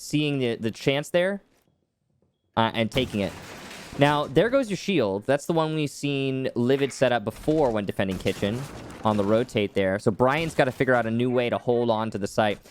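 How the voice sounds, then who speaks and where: A man casting an esports match with quick, wry play-by-play commentary. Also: mid-range voice, a little hiss or hum. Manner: quick, wry play-calling with dry jokes. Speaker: esports caster.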